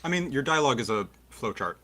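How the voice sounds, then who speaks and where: A man's voice: medium pitch, lively intonation, quick pace, sharp tone. A man calling into a debate show, combative and pleading with the host. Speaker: caller. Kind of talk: argumentative call-in debate.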